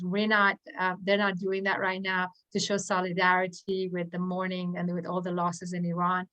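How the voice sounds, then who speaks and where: A woman on a video call with a bright, forward tone. She speaks earnestly and animatedly at an online event, acting out quoted dialogue as she tells a personal story. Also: mid-range voice, poor audio. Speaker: audience member at an online poetry event.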